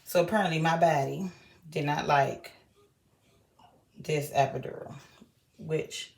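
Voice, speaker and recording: A young woman vlogging, telling a story in a lively way and acting out everyone's lines. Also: fairly low pitch, creaky. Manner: animated retelling, acting out quoted voices. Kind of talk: casual storytelling vlog.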